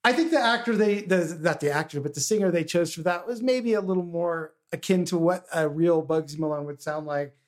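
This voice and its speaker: A man's voice: on the high side, brisk, few pauses. A man hosting a podcast, chatting casually about a film with frequent ums and uhs. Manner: hesitant, many ums and uhs. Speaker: podcast host.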